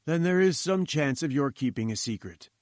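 This man's voice is fairly high, expressive, and darkish in tone, delivered at a moderate pace. The clean studio recording has no room sound, and he sounds natural. Playing an audiobook character, he lectures as a condescending, pompous professor talking down to his listeners.

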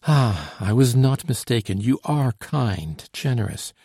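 Man doing a young woman, anxious and devoted, eager, pleading, lively swings in pitch, gravelly edge, storybook reading. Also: a little slow, dry recording, studio quality. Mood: grateful. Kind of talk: audiobook character reading.

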